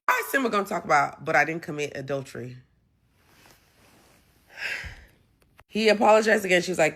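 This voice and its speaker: A woman's voice: deep voice, expressive, fairly quick, vocal fry, a bit bright. Sassy Southern woman recapping reality TV. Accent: Southern American. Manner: sassy, playful, dramatic asides. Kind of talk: casual recap commentary.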